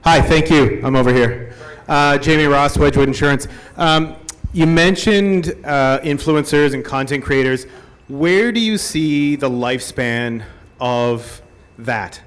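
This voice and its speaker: A man's voice: a little high, unhurried, fairly bright tone, clear, resonant tone. A man in a conference audience politely asking the speaker a question in a friendly tone. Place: conference hall.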